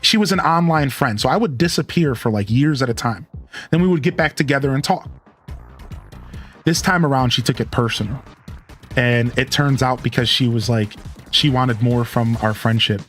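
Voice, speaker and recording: A man's voice: mid-range voice, moderate pace, fairly bright tone, faint music behind. A man in his thirties, a live streamer chatting casually while playing a game and telling rambling, candid stories full of restarts. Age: 30s. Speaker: live streamer and show host.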